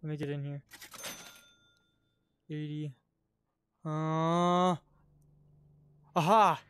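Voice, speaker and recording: A man giving casual VR gameplay commentary, excitable, swinging between yelling at enemies and muttering to himself. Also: fairly high pitch, very slow, smooth, no echo. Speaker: gaming channel host.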